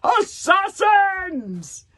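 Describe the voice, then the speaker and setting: A woman voicing a crazed, twitchy male Viking chief who shrieks and barks in a husky voice while reading a storybook aloud. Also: mid-range voice, sing-song, brisk, pitched above the performer's own voice. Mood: screaming. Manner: shrieking, explosive shouts.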